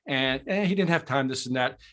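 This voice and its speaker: A man telling a story as a guest on a podcast, animated and enthusiastic, in casual conversation. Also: medium pitch, fairly quick. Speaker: podcast guest, sales trainer.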